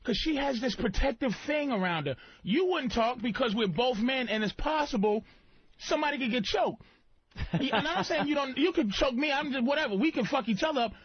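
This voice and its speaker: Husky high-voiced man ranting on radio. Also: expressive, a little fast, no echo, muffled recording. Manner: profane, emphatic, ranting. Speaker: radio host. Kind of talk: comedic radio rant.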